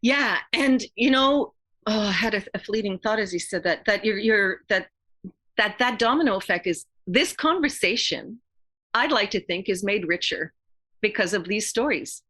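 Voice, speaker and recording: A middle-aged woman, a yoga therapist talking as a podcast guest in an earnest, heartfelt way, often pausing and restarting her sentences. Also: mid-range voice, animated, bright, forceful tone. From Quebec, Canada. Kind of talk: reflective podcast interview talk.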